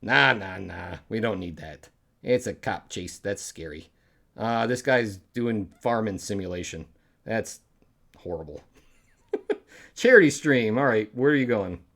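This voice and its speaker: A man's voice: lowish voice, animated, unhurried, creaky, a bit bright. A man hosting a live comedy stream, chatting casually with viewers in a rambling way with muttered asides.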